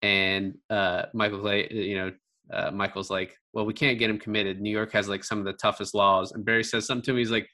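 Bright casual man talking films. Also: on the low side, a little fast. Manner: animated, swears for emphasis, acts out quotes. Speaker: podcast co-host discussing a film. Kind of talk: casual conversation.

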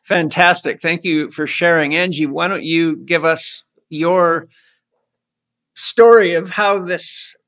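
A man hosting a conversation, friendly and quick to laugh. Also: fairly high pitch, steady tone, a bit bright. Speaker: host. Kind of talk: interview hosting.

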